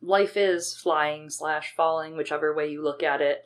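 A woman's voice: low-pitched, fairly even intonation, moderate pace. A young adult woman co-hosting a podcast, talking in a chatty, rambling way with frequent swearing. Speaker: podcast co-host. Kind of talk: casual chat.

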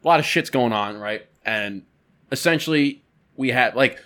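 A man's voice: medium pitch, normal speed, a bit bright. A man on a podcast telling a story about work in a casual, profane way. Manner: casual and profane, with lots of fillers. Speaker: podcast co-host.

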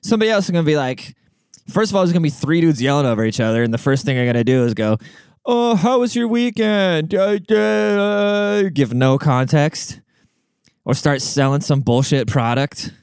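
A man's voice: mid-range voice, fairly quick, a little mellow, clean tone, no room sound, clean studio sound. A young man hosting a solo podcast, ranting in a brash, profane, swaggering way. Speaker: podcast host.

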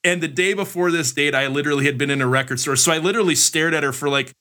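A man with a bright, slightly high voice, chatting casually as a podcast co-host. He tells stories in a rambling way, full of repeats and restarts. He pokes fun at himself with a wry edge. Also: very fast. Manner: rambling storyteller, wry and self-mocking. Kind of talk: casual chat.

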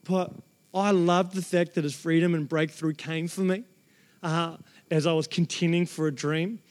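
A man preaching a sermon, telling a family story with lively acted-out voices. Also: a little high, normal speed. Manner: animated storyteller acting out quoted family voices. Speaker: pastor.

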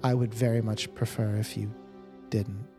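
A man's voice: lowish voice, little pitch movement, normal speed, music in the background, pitched below the performer's own voice, natural voice. A man voicing a strained, weary mother. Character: weary mother leaving her baby.

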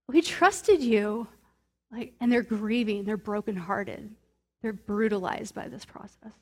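Woman preacher, relaxed teaching voice, slightly higher pitch, chatty delivery full of "like". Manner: conversational, many fillers, reads verses aloud. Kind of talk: casual sermon on a Bible passage.

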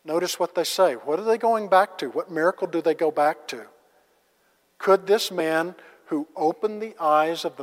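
A man teaching a conversational Bible lesson, casual and asking the class rhetorical questions. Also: fairly high pitch. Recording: long reverb of a large hall.

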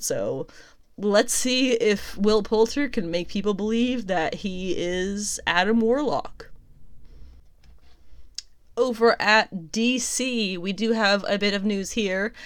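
A young adult woman hosting casual pop culture news commentary, chatty and quick to laugh, often stopping to correct herself. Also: mid-range voice.

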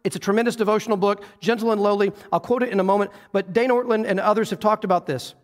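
A man's voice: high voice, steady tone, quick pace. A man preaching a sermon as pastor, earnest and emphatic, often restarting his words. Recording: reverberant hall.

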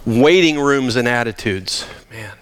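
A man's voice: mid-range voice, animated, measured pace, noisy background. A male pastor preaching a sermon in a church. He speaks emphatically and with animation, and he often restarts his sentences. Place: church sanctuary.

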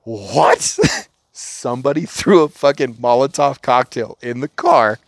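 A man from Orange County, California, telling a profane story as a podcast guest in a casual, animated way. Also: medium pitch, unhurried, dry recording, clean studio sound.

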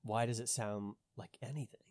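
Skeptical man with a dark, dry voice. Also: medium pitch, steady tone, moderate pace, dry recording. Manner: skeptical, questioning, thinks aloud with restarts. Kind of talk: casual conversation.

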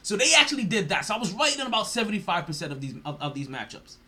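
High-voiced man ranting on a sports podcast. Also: very animated, quick pace, pushed and bright. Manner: profane, mocking, laughing rants. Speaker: podcast host.

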